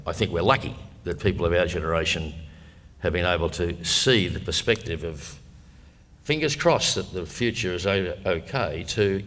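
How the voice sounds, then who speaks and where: An older Australian man gives a humorous public talk as a guest speaker, chatty and wry, with storytelling asides. His voice is low but fairly bright in tone. Long hall reverb and faint room ambience surround him.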